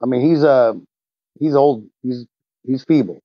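A man's voice: medium pitch, unhurried, dry recording. A man playing a tabletop game, describing his hero's actions in a blunt, casual way. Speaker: player. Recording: slightly muffled lo-fi audio.

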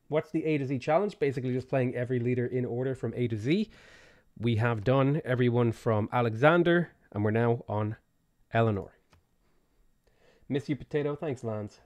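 A man streaming a game, casually greeting viewers by name and giving quick offhand answers to their questions. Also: medium pitch. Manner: greets chat viewers by name between game setup remarks. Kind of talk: casual live-stream chat.

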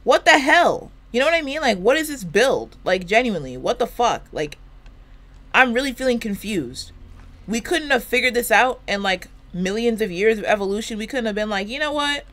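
A woman with a slight lisp rambles while she plays a video game. Her pitch swings widely as she complains and swears in a loose, joking way. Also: animated, moderate pace, a bit bright. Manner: rambling, profane, jokey complaining. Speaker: gaming YouTuber. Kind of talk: casual chat while playing a video game.

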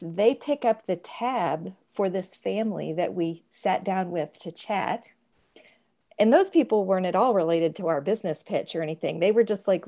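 A woman on a video call telling a workplace story in a halting, amused way. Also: fairly low pitch, warm tone. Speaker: audience member asking a question.

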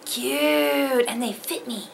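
A woman's voice: high-pitched, drawn-out words, creaky, slight background noise, poor audio. A young woman vlogger chatting casually as she opens fan mail, gushing and exclaiming over each gift. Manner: gushing, gasping and exclaiming, laughs often. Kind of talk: casual unboxing chat. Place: home craft studio.

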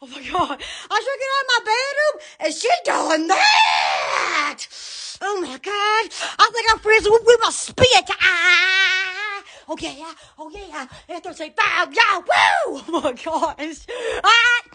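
A woman's voice: extremely high pitch, very animated, takes it slowly, pushed and bright, raised voice. A woman hosting a goofy livestream from her bedroom on her phone, rambling silly nonsense with giggles and exclamations. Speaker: livestream host.

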